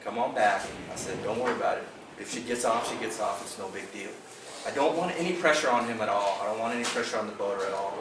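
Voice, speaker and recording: A man telling a fishing tournament story at a club meeting, acting out the quotes with animation. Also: medium pitch. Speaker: fishing team member recapping a tournament. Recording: echoey room from far off, noisy.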